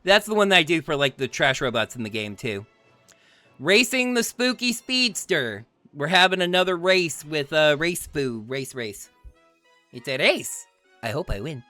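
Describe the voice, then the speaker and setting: A man's voice: on the high side, animated, normal speed, sharp tone, no room sound. Brief: male streamer, playful chatty commentary, game music faint behind. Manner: playful, chatty, laughs often. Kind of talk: let's-play commentary.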